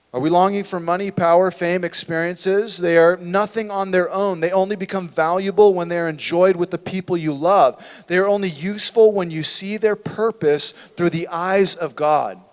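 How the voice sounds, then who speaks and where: A man's voice: sits high, normal speed, clear, resonant tone, in a large hall. A man preaching a sermon as a church pastor, conversational and full of rhetorical questions. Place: church sanctuary.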